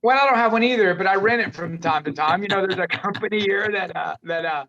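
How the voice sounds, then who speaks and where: A man's voice: sits high, fast talker, sharp tone. A middle-aged man, a podcast guest, telling his life story candidly in a rambling way, restarting sentences and calling the host "man" often. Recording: dull lo-fi audio.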